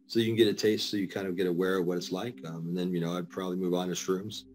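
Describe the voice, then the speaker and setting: A middle-aged man appears as a guest on a casual podcast, telling stories packed with swearing and laughter. He speaks fast in a low, darkish voice with little pitch movement.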